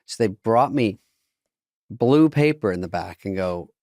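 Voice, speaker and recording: A middle-aged man co-hosting a podcast, wry and deadpan, telling stories with quoted exchanges and sound effects. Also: on the low side, a little slow, no room sound, clean studio sound. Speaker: podcast co-host. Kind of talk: casual comedy chat.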